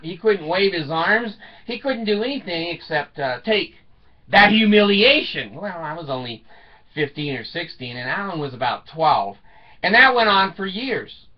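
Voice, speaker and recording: A man in his seventies telling rambling comic stories, chuckling often and swearing casually. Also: a little high. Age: 70s. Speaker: storyteller. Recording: dull lo-fi sound, distant from the mic.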